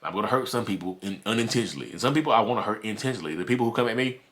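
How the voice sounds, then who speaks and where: A man's voice: lowish voice, lively intonation, racing, fairly bright tone. A man hosting a podcast, delivering a heated, repetitive rant straight at his listeners. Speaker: podcast host. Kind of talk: ranting monologue.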